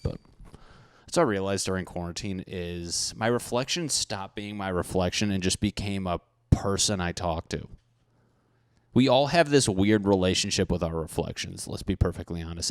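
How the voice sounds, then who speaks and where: In a dry, clean studio recording, a young podcast host with a low, clear, resonant voice rants his way through a solo comedic monologue. He swears freely, stays animated, and often imitates people in mocking voices.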